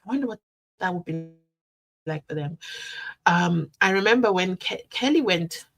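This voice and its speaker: Woman, live-stream host, animated and chatty. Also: fairly low pitch, normal speed. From South Africa. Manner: animated, chatty, breaks into sing-song. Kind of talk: casual live-stream chat reading comments.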